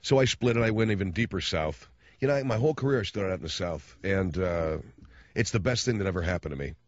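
A middle-aged radio host spins rambling, slangy stories with a lively voice that swings up and down in pitch. The recording is dry and dull, like an old lo-fi broadcast. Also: male voice, fast, no room sound. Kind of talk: casual storytelling monologue.

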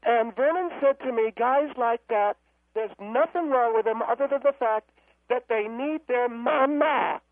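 A man's voice: very high-pitched, unhurried, no echo, pitched above the performer's own voice. A man voicing a brash, scornful woman commentator who phones in and needles everyone. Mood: mocking. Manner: mocking, combative, needling. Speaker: caller. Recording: tinny phone line.

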